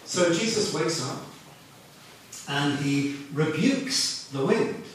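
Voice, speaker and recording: A man's voice: on the high side, lively intonation, slow, slight background noise. A man preaching a sermon in a conversational storytelling manner. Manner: conversational, storytelling, half-sings lyrics. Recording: echoey room from far off.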